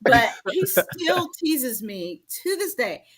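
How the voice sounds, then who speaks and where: A woman's voice: high-pitched, slow pace. A woman in her fifties from North Carolina, telling stories as an interview guest and acting out other people's lines. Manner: animated storyteller, acts out others' lines. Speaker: interview guest, author and femininity coach. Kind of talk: casual storytelling interview.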